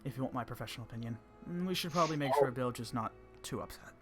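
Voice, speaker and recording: A man playing a composed military commander, polite and reserved. he keeps a measured, even delivery. soft music runs faintly behind the game. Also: medium pitch, natural voice. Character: calm composed male human commander.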